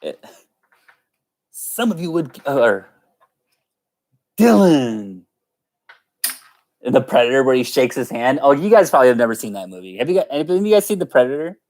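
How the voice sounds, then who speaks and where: A giggly man chats with his viewers on a live stream, his pitch swinging up and down as he talks. He is playful and chatty, and laughs his way through most sentences. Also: very animated, fairly quick, a little mellow. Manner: giggly, keeps breaking into laughter. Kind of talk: casual live-stream chat.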